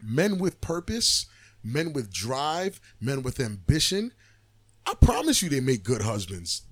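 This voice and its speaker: A man's voice: mid-range voice, measured pace, husky, dry recording. A man in casual podcast chat with a mid-range voice, recorded close and dry with no room sound. He talks bluntly, swears freely and acts out what people said. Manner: blunt, profane, animated storytelling. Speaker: podcast co-host.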